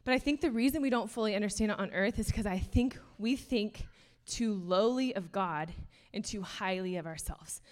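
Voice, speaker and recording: A woman's voice: mid-range voice, moderate pace. A young adult woman giving an earnest, casual sermon, full of fillers and passing laughs. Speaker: speaker.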